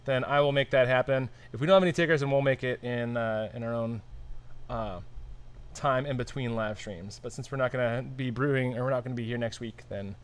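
A man chats offhandedly on a brewery live stream, tossing out jokes and half-formed ideas. His voice sits at an ordinary middle pitch and he rambles loosely through fillers. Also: fairly even intonation, brisk, a little hiss or hum. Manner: offhand, joking, thinks aloud with fillers. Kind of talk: casual live stream chat.

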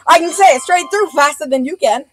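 A woman playing a party game, playful and quick to protest, caught on a laptop mic at home. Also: sits high, no room sound, rough recording. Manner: playful, quick to protest, swears when flustered. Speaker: game player. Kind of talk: casual banter while playing a party game. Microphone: laptop webcam mic.

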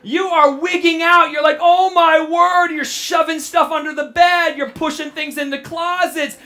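A woman pastor preaches animatedly, repeating words when she gets excited. At times she drops into a soft, low, reflective tone.

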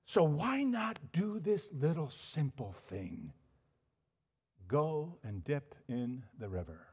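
Animated, high-voiced male pastor. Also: takes it slowly, husky. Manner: animated storytelling with many restarts and fillers. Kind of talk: sermon.

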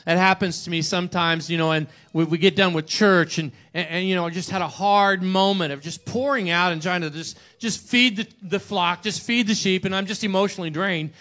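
A man's voice: high voice, fairly even intonation, a little fast, few pauses, fairly bright tone. A male pastor giving a conversational sermon to a congregation in church, often checking in with a rhetorical "right?". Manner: conversational, asks rhetorical "right?" and acts out quotes.

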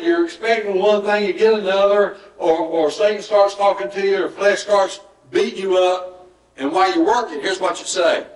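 A man with a Southern US accent preaching a sermon as pastor, folksy and conversational, acting out what people say. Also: high-pitched. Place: church sanctuary. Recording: echoey church room, mic at a distance.

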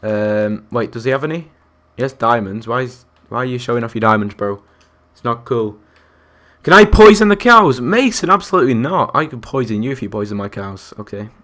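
A man's voice: mid-range voice, animated, a little fast, hardly any pauses, fairly bright tone. A young man chatting through a live game stream, counting aloud and reacting to viewers and other players. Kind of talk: live gameplay commentary.

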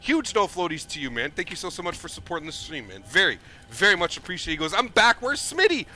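Bright, high-voiced upbeat male streamer. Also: lively intonation, fast, faint music behind. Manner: upbeat, effusive thanks to donors. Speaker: flight sim streamer. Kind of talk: live gameplay commentary.

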